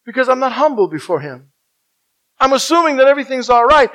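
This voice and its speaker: A man preaching a sermon, swinging from loud emphatic declarations to hushed, near-whispered passages and repeating key phrases. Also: very high voice, very animated, quick pace, low-quality recording. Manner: emphatic repetition.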